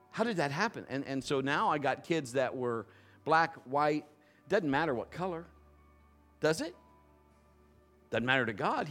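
Man, pastor, sermon, chatty storytelling, emphatic bursts, mid pitch, faint music behind. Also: a bit bright.

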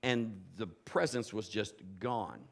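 A man's voice: on the low side, takes it slowly, gravelly. A middle-aged male preacher telling a dramatic story in a sermon and acting out the voices and sounds in it. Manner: animated, acts out voices and sounds.

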